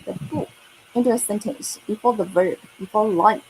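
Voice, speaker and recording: A woman's voice: mid-range voice, normal speed, noisy background. A woman teaching a lesson, who repeats words and sentences patiently and checks in with frequent okays and rights. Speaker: Mandarin teacher. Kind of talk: online language lesson.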